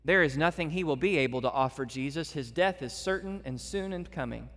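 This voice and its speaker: A man delivers a sermon from the pulpit, his fairly high, bright and forceful voice rising to loud emphatic peaks and dropping to hushed, intimate passages. The sound hangs in the long reverb of a large church sanctuary. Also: fairly quick. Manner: swings between loud emphatic preaching and soft hushed delivery. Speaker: pastor.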